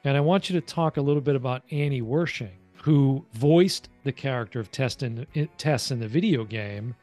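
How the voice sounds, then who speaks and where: A man's voice: mid-range voice, normal speed, warm tone, soft background music. A man co-hosting a casual review chat, speaking loosely with lots of "you know" fillers. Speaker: podcast co-host reviewing a TV series.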